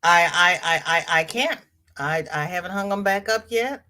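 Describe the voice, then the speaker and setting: Speaking at a moderate pace in a fairly low voice with a bright, pushed tone, an older woman runs a crochet livestream. She chats casually, reads out viewer comments, greets everyone by name, and repeats phrases to drive them home.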